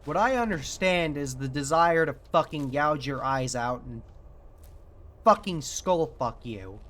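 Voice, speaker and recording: A man's voice: a little high, lively intonation, a little slow, a bit bright. A man streaming a video game live, ranting irritably and swearing constantly at the characters. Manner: irritable, heavily profane ranting. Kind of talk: live gaming commentary.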